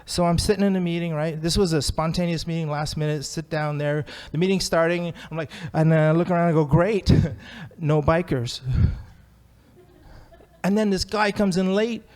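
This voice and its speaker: A man's voice: fairly high pitch, fairly even intonation, fast talker, hardly any pauses, darkish tone, clear, resonant tone. A man sharing his recovery story at a meeting, chatty and self-deprecating, laughing often. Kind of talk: personal story at a recovery talk.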